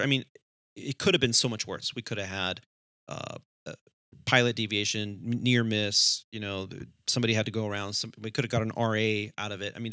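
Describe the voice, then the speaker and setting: A man's voice: on the low side, clean tone, no echo, clean studio sound. A man co-hosting an aviation podcast, telling a cockpit story in casual chat and acting out the voices in it. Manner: animated storyteller, acts out dialogue in his story. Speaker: airline pilot podcast host.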